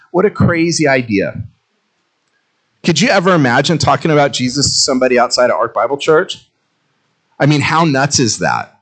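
A male pastor preaching a sermon in a conversational, self-mocking way, telling animated stories. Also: medium pitch.

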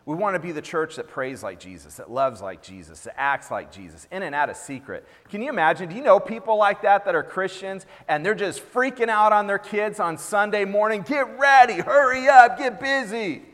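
A man's voice: high-pitched, animated, fairly quick, few pauses, fairly bright tone. A man pastor preaching a sermon, emphatic and repetitive, often acting out what others say. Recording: reverberant hall.

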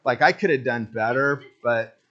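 A male pastor giving a conversational sermon, reading scripture aloud and then acting out his own impatience with lively, animated energy. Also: mid-range voice, moderate pace, lo-fi sound.

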